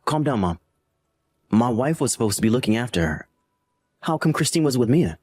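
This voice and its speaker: Man playing a shifty grown son, husky, defensive, pitch swings widely, dry close sound. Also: very animated, brisk, a little mellow, no echo. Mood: dismissive. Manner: defensive, dismissive. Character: lying adult son, defensive, evasive.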